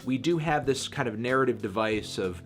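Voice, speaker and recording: A man's voice: medium pitch, lively intonation, a little fast. Dry, sarcastic male music critic. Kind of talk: review commentary.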